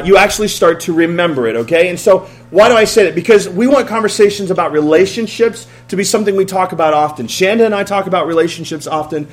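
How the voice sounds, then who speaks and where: Pastor in his thirties, quick to joke and quiz the room, fairly high voice. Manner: joking, conversational, asks the audience questions. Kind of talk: sermon. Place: church stage before a congregation.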